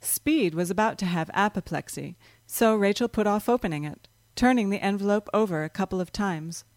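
A woman narrating a story in a calm, measured reading voice. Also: medium pitch, no echo.

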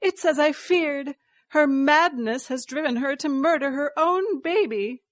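A woman voicing a scheming fox-spirit stepmother who snarls and whines in a high, shrill voice. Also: drawn-out words, fairly bright tone, no echo, studio quality, exaggerated voice. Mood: shrill accusing.

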